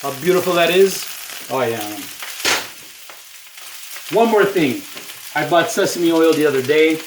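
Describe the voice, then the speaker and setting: A chatty man talks to the camera as he cooks, his fairly high voice a little way off the mic. The kitchen sounds roomy and echoey, with a pan sizzling loudly behind him. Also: unhurried, recorded from a distance, background noise. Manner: chatty, talks to the viewer with lots of "you know". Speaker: home cook vlogger. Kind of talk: casual cooking video talk. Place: home kitchen. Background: food sizzling in a pan.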